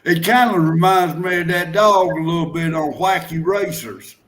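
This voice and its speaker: A man's voice: high voice, moderate pace, fairly bright tone. A man chatting casually on a livestream, joking and teasing in a folksy way. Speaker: livestream guest. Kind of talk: casual chat.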